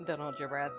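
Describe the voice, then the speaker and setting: A woman's voice: low voice, dull audio. A woman commenting casually over her gameplay, gushing and rambling with many fillers. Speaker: game streamer.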